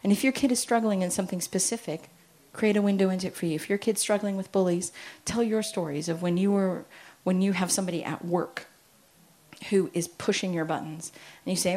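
A woman's voice: fairly low pitch, fast talker. Chatty American woman telling stories. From United States. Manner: chatty, animated storytelling with acted-out quotes. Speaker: church speaker to parents. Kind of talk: talk to parents.

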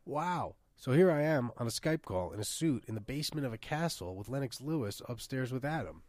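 A man hosting a podcast, chatting casually and telling an excitable story. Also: mid-range voice, brisk, dry recording. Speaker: podcast host. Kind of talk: casual chat.

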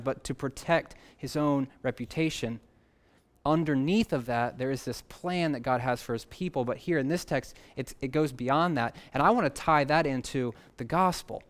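A young man preaching a sermon in a conversational way, reading scripture aloud with emphasis. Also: medium pitch. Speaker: pastor.

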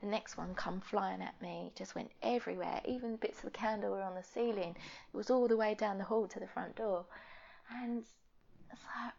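A woman's voice: medium pitch, steady tone, moderate pace, creaky, darkish tone, highs cut off. A woman speaking as a podcast guest, telling a personal story frankly and rambling, with frequent fillers. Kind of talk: candid conversational storytelling.

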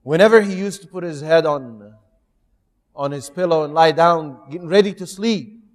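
A man's voice: a little high, moderate pace. A man preaching a sermon, telling stories with earnest feeling and speaking directly to his listeners. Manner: earnest storytelling, addresses the audience directly. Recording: long hall reverb.

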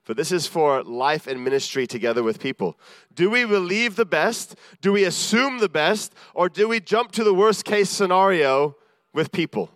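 A man's voice: high-pitched, normal speed, a bit bright, no room sound, studio quality. A man preaching a sermon in an earnest, self-deprecating way, acting out the voices of the people he quotes.

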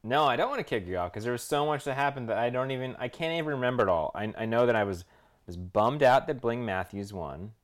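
A man co-hosting a casual cycling podcast, talking in an excitable, hesitant way with lots of ums. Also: mid-range voice, fast. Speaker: podcast co-host. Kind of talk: casual chat.

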